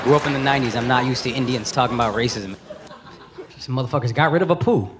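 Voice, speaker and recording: A man in his thirties doing a stand-up comedy set, brash and profane, shouting his punchlines. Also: medium pitch, fast talker, very noisy. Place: comedy stage before a live audience. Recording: live club recording with loud crowd. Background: loud audience laughter.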